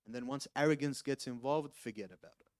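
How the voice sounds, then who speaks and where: A male preacher delivers a mosque sermon in an ordinary mid-range voice. He presses his points emphatically, often building to loud, urgent warnings. The sound is dry and close, with little room echo. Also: mid-range voice. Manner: ends in rapid Arabic prayer.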